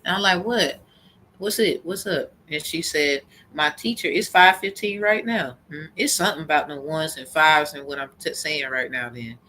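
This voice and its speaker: A woman's voice: deep voice, moderate pace, pushed and bright, slight background noise. A woman telling a rambling, profane story in a heated personal rant to camera. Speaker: vlogger.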